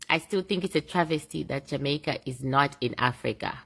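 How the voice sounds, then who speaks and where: A woman co-hosting a reaction video, musing in a drawn-out way that fades to quiet remarks. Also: low voice, creaky, slightly rough. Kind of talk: casual chat.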